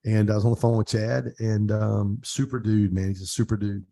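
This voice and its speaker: A man's voice: fairly low pitch, normal speed, creaky. A middle-aged man, a podcast guest, telling stories in a casual interview and acting out the dialogue. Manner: animated storyteller, acts out quoted dialogue.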